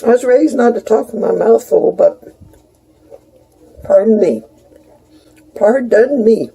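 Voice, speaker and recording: A woman's voice: on the high side, expressive, slow pace, vocal fry, dark tone, husky. A middle-aged woman, chatting casually in her kitchen as a home cooking vlogger and rambling in homey asides to her viewers.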